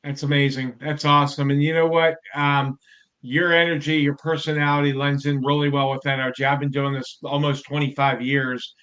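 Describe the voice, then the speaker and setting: A man hosts a casual business interview, full of energy and enthusiasm. His voice sits a little high, and he draws his guest out with eager questions. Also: flat delivery, moderate pace, fairly bright tone. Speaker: host and company CEO.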